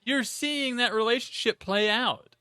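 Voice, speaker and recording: Animated man, bright crisp voice. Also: very high-pitched, measured pace, no echo, studio quality. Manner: animated, acts out quoted lines, swears casually. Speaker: podcast co-host. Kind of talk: casual film-review podcast chat.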